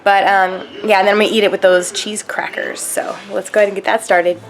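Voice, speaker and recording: A woman's voice: medium pitch, little pitch movement, brisk, music in the background. A young woman vlogging her day, chatting casually to her viewers. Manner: chatty, addresses viewers as you guys. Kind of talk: casual chat.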